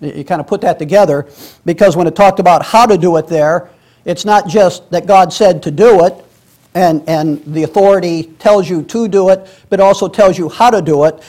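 A man's voice: high-pitched, normal speed, darkish tone. A man teaching a Sunday school class in a church, reading scripture aloud and explaining it in a conversational way, with many restarts and asides.

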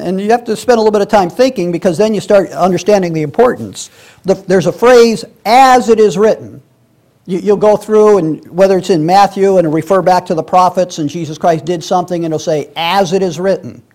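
A man's voice: high-pitched, a little mellow. A man teaching a Sunday school class in a church, reading scripture aloud and explaining it in a conversational way, with many restarts and asides.

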